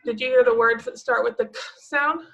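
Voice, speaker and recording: A woman teaching preschoolers, speaking slowly and patiently, asking the children questions and answering them herself with encouragement. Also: on the high side, steady tone, vocal fry, bright, forceful tone, poor audio.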